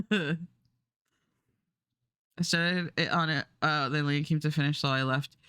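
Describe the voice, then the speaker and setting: A woman's voice: deep voice, steady tone, slow, fairly bright tone, clean tone, no echo, clean studio sound. A woman streamer chatting casually while she draws, rambling and laughing often. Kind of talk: casual live-stream chat while drawing. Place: home streaming setup.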